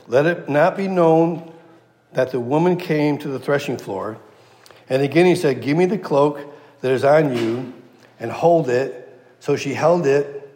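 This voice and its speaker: A man preaching an expository sermon, reading scripture and acting out the characters in lively everyday paraphrase. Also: on the high side. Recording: echoey hall with long reverb.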